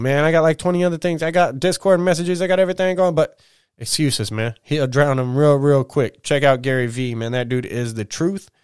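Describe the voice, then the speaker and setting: A man's voice: medium pitch, clean tone, no room sound, clean studio sound. A man hosting his own podcast, talking loosely in a casual solo monologue, swearing and dropping slang like "man" and "y'all" as he tells stories. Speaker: podcast host.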